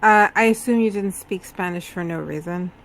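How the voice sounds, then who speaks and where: A woman's voice: mid-range voice, normal speed. A woman playing a tabletop game in character, with a stern, scolding manner. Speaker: player. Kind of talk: in-character tabletop role-play.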